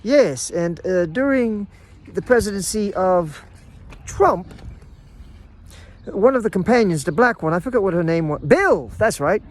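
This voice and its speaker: A middle-aged man talks straight to his viewers in a loose, rambling vlog. He stammers and restarts as he goes. His voice sits fairly high and leaps up and down. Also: animated, measured pace, pauses often. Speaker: vlogger. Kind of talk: casual rambling monologue.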